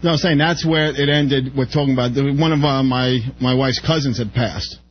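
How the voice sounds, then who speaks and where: A man's voice: medium pitch, moderate pace, dull audio, slight background noise. A man who is a guest on a radio show, earnestly insisting as he explains his story. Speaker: studio guest.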